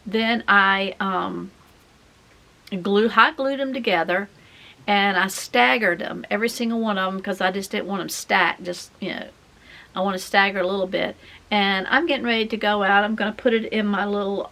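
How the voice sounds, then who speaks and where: Folksy rambling woman, gravelly. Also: medium pitch, pushed and bright. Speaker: craft vlogger. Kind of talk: casual chat while crafting.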